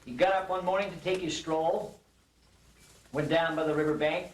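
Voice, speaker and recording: An older man with a slightly high, steady voice gives an acceptance speech at a banquet, speaking at a moderate pace. In this after-dinner speech he tells a folksy animal joke in storytelling fashion. The recording is roomy, taken from a distance in the banquet hall.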